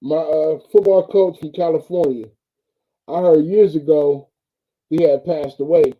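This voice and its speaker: A man's voice: a little high, measured pace, narrow, tinny audio. A man who coaches football, talking sports in an easygoing way and often saying "man" and "bro". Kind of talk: casual sports talk.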